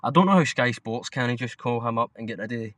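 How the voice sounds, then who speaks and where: A man's voice: mid-range voice, expressive, fairly quick, a bit bright, no room sound. A young Scottish man co-hosting a podcast, chatting casually about football in a blunt, sweary, rambling way. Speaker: podcast co-host.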